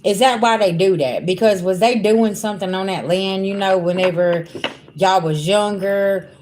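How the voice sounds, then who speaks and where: Woman, spiritual reader, casual livestream, blunt, swears freely, talks right to the viewers, mid-pitched voice. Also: steady tone, moderate pace, darkish tone, a little hiss or hum. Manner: blunt, profane, talks straight to viewers as "y'all".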